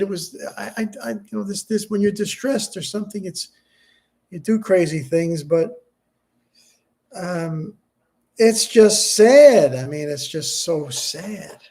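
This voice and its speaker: A middle-aged man, grieving and subdued, talking haltingly in a personal vlog, with many restarts and fillers. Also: sits high, a little mellow. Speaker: vlogger.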